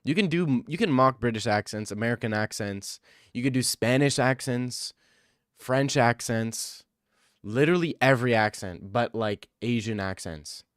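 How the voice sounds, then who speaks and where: A man's voice: mid-range voice, moderate pace, clear, resonant tone, dry recording, studio quality. Joking young guy answering chat. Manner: defensive, joking replies to chat, says bro a lot. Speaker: livestreamer reading chat. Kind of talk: casual livestream chat.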